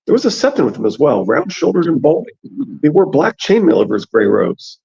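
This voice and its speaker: A man's voice: on the high side, huge pitch swings, fairly quick, creaky, darkish tone, husky. A man hosting a casual book discussion, who reads passages aloud and then comments on them. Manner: reads aloud, then chats about the text. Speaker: podcast host reading aloud. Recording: dull lo-fi sound.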